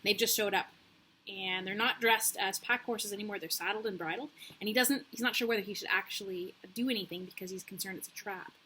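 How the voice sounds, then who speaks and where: A young adult woman reading a chapter book aloud in a relaxed, casual way, with slips and self-corrections. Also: medium pitch, brisk, a little hiss or hum. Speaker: reader. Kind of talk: casual read-aloud for children.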